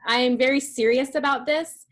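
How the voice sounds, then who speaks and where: A woman's voice: high voice, a little fast. Play an earnest woman guest on a video call. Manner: earnest, emphatic, speeds up when excited. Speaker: podcast listener guest. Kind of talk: casual chat.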